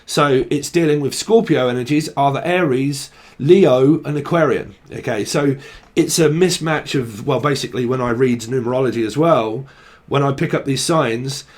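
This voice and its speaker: Guy doing a tarot reading, rambly, swears a lot, mid-pitch voice. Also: darkish tone. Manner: rambling and sweary, thinking aloud. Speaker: tarot reader. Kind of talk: casual channelled tarot reading.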